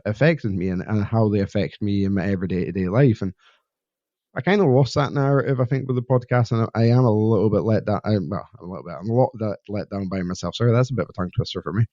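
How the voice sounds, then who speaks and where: Scottish man, podcast host, low mellow voice, rambling and open, slightly dull dry recording. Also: dry recording. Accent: Scottish Borders. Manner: candid, rambling and self-deprecating. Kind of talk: solo reflective podcast monologue. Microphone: podcast microphone.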